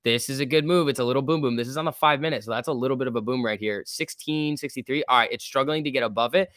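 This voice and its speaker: A man with a mid-range, fairly bright voice talks fast while hosting a live stock trading stream, casually commenting on price moves. Loose and chatty, he fills his talk with "like" and "um", reading viewer questions aloud and answering them, in a dry recording with no room echo.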